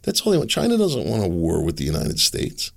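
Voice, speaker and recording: A man's voice: low voice, wildly swooping pitch, a little fast, gravelly. A middle-aged man hosting an opinion monologue, ranting sarcastically and laughing scornfully at his targets. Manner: ranting, sarcastic, mocking asides. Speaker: political commentary host.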